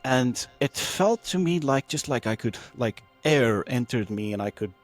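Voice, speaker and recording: Male guest, mid-pitched, recounts a personal story with animated quoted voices and loose fillers over faint music. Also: unhurried. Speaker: podcast guest.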